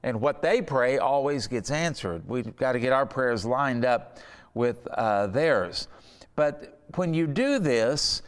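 A man's voice: mid-range voice, lively intonation, slow pace, in a large hall. A man preaching a sermon, earnest and conversational, asking the listeners questions. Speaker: pastor.

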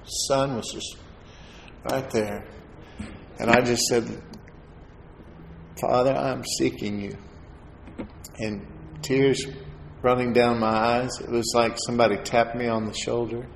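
A man's voice: medium pitch, slow pace, vocal fry, long pauses, slight background noise. Man telling a testimony in an echoey hall. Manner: animated storyteller, acts out quoted voices with laughter. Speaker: preacher giving testimony. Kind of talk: sermon testimony storytelling. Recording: echoey hall with faint ambience.

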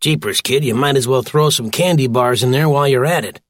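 A man voicing a gruff, grumbling old male platypus police detective in an audiobook. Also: medium pitch, fairly quick, no room sound, clean studio sound, natural voice. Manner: grumbling, stubborn.

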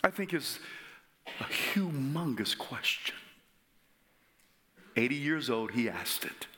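A male preacher gives a dramatic sermon and takes his time. His voice is bright and a little high. It swings widely, falling to whispers and rising to shouts. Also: slow pace, a little hiss or hum. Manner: dramatic, animated storytelling with sudden whispers and shouts.

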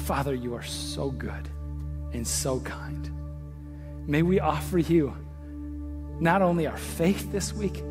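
Male pastor preaching, pretty high voice, soft music underneath. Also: slow, long pauses, big-room sound. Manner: impassioned preaching that drops to a hushed prayer. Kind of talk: sermon.

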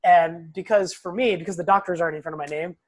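A man's voice: high voice, fast talker. A young man, a physical therapist as a podcast guest, talking casually and bluntly, acting out quotes and swearing now and then. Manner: blunt, animated storyteller who acts out quotes and swears.

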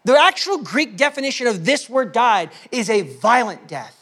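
A male pastor with a notably high-pitched voice preaches in a loose, conversational way. He drops to soft, confiding asides, then climbs into loud, fervent bursts. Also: sing-song, normal speed. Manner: impassioned, swinging between hushed asides and loud outbursts; conversational, with fillers and restarts. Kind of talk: sermon.

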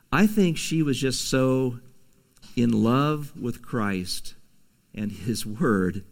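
A man preaching a conversational sermon, reading scripture and adding casual asides with soft laughs. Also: fairly low pitch. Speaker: pastor.

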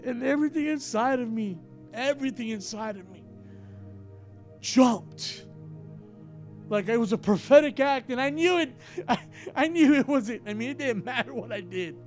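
A man preaching a sermon as a pastor, giving an emotional testimony that moves from hushed tones to loud cries. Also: very high voice, lively intonation, moderate pace, faint music behind.

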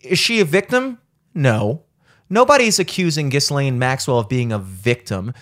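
A man's voice: mid-range voice, expressive, normal speed, fairly bright tone. A man on a casual podcast, rambling and swearing, full of fillers and restarts. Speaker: podcast co-host.

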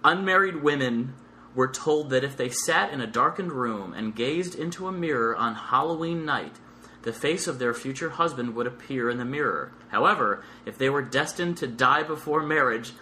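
Bright-voiced man in animated chat. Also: mid-range voice, moderate pace, slight background noise. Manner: animated, laughing, exclaims in disbelief. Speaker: podcast guest. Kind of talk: casual podcast chat, reading aloud.

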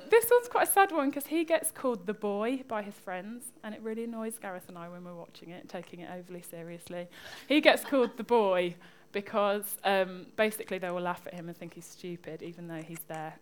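Young woman giving a sermon, chatty and jokey with the crowd. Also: medium pitch. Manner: chatty, lively, joking with the audience. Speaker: preacher. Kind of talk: sermon with congregation interaction.

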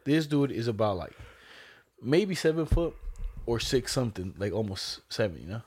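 A young man casually telling stories with a lot of swearing, his voice jumping high whenever he quotes someone. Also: normal speed, husky. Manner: animated, swearing, jumps way up in pitch when quoting people. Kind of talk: casual storytelling chat.

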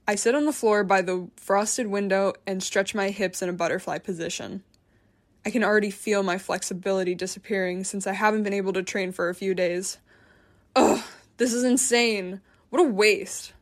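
A woman's voice: medium pitch, fairly even intonation, brisk. A woman narrating a first-person memoir in a tense, frustrated, introspective way.

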